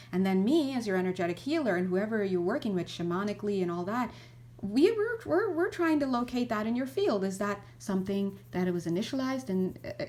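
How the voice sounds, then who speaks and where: Middle-aged woman, spiritual teacher, warm low-lit tone, lively and chatty. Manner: animated, acts out little scenes, many restarts. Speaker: spiritual teacher and energy healer. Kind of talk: casual spiritual teaching monologue.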